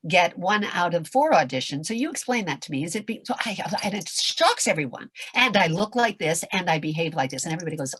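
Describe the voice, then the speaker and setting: An older woman with a raspy, nasal voice, giving a passionate motivational talk as a voice acting coach on a video call, swinging from loud to whispered. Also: lowish voice, expressive, moderate pace, no room sound.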